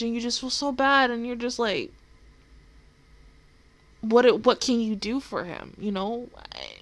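A young woman hosts an anime reaction video, her slightly high voice very animated at a moderate pace. Her casual commentary rambles emotionally, packed with fillers and some swearing.

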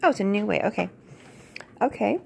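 A woman's voice: mid-range voice, expressive, brisk, gravelly, a little mellow, slight background noise. A middle-aged woman, a mother playing a pretend tea party with her child, talking in a gushing, playfully formal and polite way.

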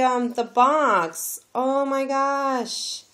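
Gushing woman, unhurried delivery, casual unboxing vlog. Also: mid-range voice. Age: adult, has a daughter. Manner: gushing, exclaims often. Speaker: crafting vlogger opening a gift.

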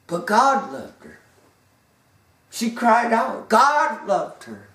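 A woman's voice: a little high, very animated, extremely slow, long pauses, fairly bright tone. A woman preaching a fervent sermon, repeating and stumbling over words, in an echoey room with the mic far off. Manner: fervent, stammering repetitions.

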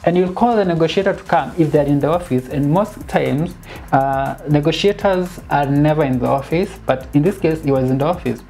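A woman giving a casual, animated film critique, dropping in bits of Swahili slang and sounding exasperated. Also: low voice, fairly quick, soft background music. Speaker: film reviewer.

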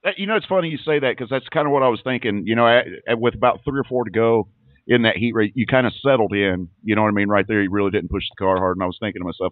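A man's voice: on the low side, rapid-fire, dry recording. A man hosting a racing show, chatting casually and folksily with a guest, often repeating his words. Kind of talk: casual interview. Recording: tinny phone-like line.

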